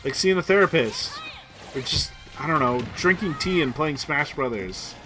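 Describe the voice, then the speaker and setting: A young man with a bright, forceful voice rambles through casual stream commentary while he plays. He swears a lot, mocks himself, and plays up a put-on voice. Faint music runs underneath. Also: on the high side, lively intonation, moderate pace. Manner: rambling, profane, self-deprecating; playing up a put-on voice.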